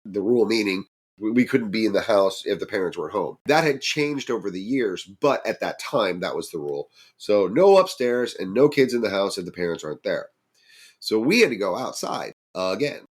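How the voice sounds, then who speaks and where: A middle-aged man casually recounting a true story from his teen years as a podcast guest, lively and acting out other people's lines. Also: on the low side, moderate pace.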